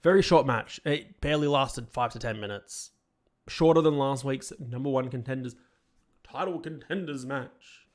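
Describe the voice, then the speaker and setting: A man's voice: medium pitch, normal speed. Male podcast host, mid-range voice, opinionated and critical, casual rambling review commentary.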